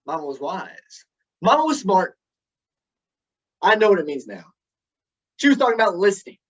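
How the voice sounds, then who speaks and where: A man delivering a prepared club speech, telling stories with dramatic pauses. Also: high voice, very animated. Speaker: club speaker. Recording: dull lo-fi recording.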